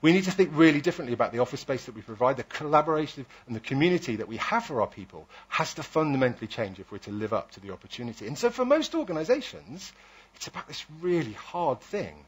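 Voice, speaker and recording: A man speaking to an audience in a persuasive public talk. His voice is slightly husky, and his pitch rises and falls with energy. He makes his points through rhetorical questions. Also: big pitch swings, fast.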